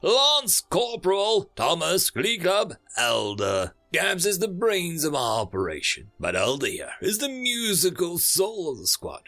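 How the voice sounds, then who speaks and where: A man's voice: a little high, huge pitch swings, a little slow, few pauses, pushed and bright, soft background music, pitched above the performer's own voice, full character voice. A man doing a boisterous marine squadmate.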